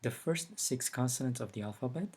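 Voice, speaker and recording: A man giving a recorded language lesson, explaining slowly and carefully with example words. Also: medium pitch, expressive, a little mellow, husky. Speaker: language teacher.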